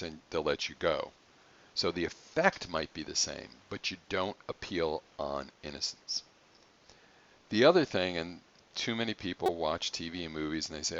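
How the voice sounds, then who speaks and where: A man's voice: deep voice, animated, normal speed, a bit bright, lo-fi sound. A man giving a recorded online college lecture, chatty and emphatic, with joking asides. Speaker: college instructor.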